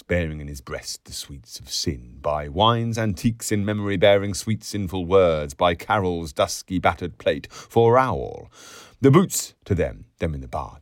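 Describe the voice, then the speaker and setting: Deep-voiced man reading with lyrical flair. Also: no room sound, clean studio sound. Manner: lyrical and theatrical, sliding into whispers and bursts. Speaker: audiobook reader. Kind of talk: literary reading aloud.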